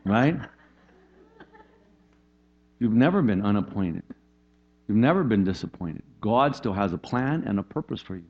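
Animated male pastor preaching, lo-fi. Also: a little slow, pauses often. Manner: animated, conversational preaching with frequent "right?" and pitch leaps. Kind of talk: sermon. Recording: dull lo-fi sound.

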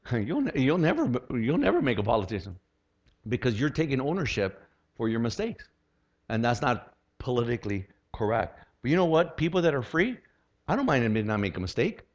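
A man in his sixties, a pastor preaching a conversational, humorous sermon full of rhetorical questions. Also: fairly high pitch. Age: 60s. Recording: lo-fi dull sound.

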